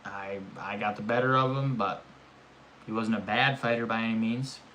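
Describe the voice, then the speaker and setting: A young man streaming live, telling a rambling, animated story in casual chat and swearing often. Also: fairly low pitch, moderate pace, slight background noise.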